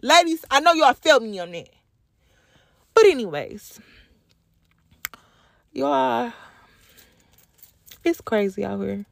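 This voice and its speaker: Blunt, gravelly-voiced woman ranting. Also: a little high, lively intonation, slow, long pauses, no room sound. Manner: blunt, profane, emphatic with repeated phrases. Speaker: podcast host. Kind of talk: unscripted solo podcast rant.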